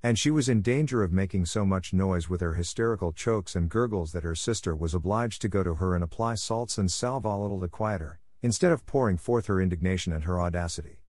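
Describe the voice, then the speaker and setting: A man narrating a classic storybook in a measured, even reading. His voice sits fairly low, and the recording is dry and close, with no room around it. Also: dry recording.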